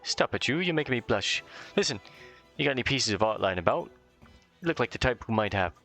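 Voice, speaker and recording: A man's voice: medium pitch, expressive, a little fast, pushed and bright, faint music behind. A man voicing a cheeky little male fairy sidekick, chummy and full of slang.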